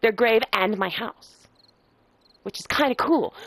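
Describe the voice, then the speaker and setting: A woman's voice: fairly high pitch, measured pace, rough recording. A young woman telling her own ghost story in a casual, profane way, full of laughter, from a house in the countryside. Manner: animated and profane, with frequent laughs. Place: rural house.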